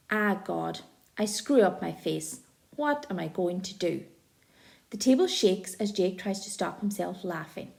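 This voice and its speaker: A woman narrating an audiobook in the first person, with lively, expressive storytelling. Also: on the low side, measured pace, creaky.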